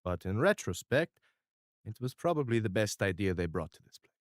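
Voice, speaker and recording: A man voicing a tubby, calm small-town boss who dislikes change, speaking in a slow, formal, measured way. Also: on the low side, no room sound, clean studio sound.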